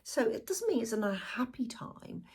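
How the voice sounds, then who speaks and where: Chatty croaky-voiced woman. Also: a little high, moderate pace. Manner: warm, chatty and lively, with asides to viewers. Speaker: tarot reader. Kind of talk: chatty tarot reading vlog.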